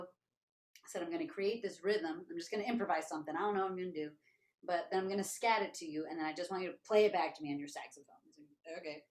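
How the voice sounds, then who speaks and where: A woman tap dancer with a lowish voice tells stories as an interview guest. She's lively and animated, often scatting rhythm syllables aloud to illustrate her ideas.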